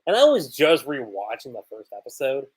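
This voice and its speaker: A man's voice: mid-range voice, wildly swooping pitch, a little fast, a little hiss or hum, poor audio. A man hosting a casual livestream manga chapter review. He thinks aloud, restarts often and laughs.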